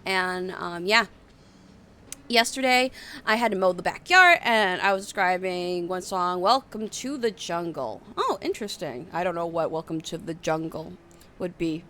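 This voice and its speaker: A woman's voice: lowish voice, lively intonation, a little slow, sharp tone. A woman in her late twenties rambling casually on a live stream, reading out chat messages and answering them. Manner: rambling, chatty, reads chat aloud.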